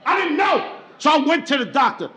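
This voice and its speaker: A middle-aged man from the Bronx, doing a loud, animated stand-up comedy routine on stage. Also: brisk. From the Bronx, New York. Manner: loud and animated, shouting punchlines, dropping into deep voices for other characters. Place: large comedy stage with a live audience. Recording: echoey live venue with crowd noise.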